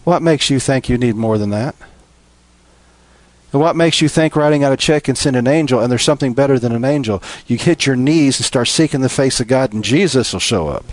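A man preaching a sermon, building from steady teaching to impassioned, emphatic appeals. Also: mid-range voice, brisk, no room sound.

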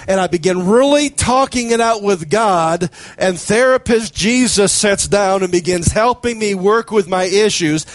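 A man preaching a sermon in a relaxed, conversational way, telling stories and acting out prayers in his own voice. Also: high voice, a little slow, dry recording. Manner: conversational, storytelling, acts out quoted prayers.

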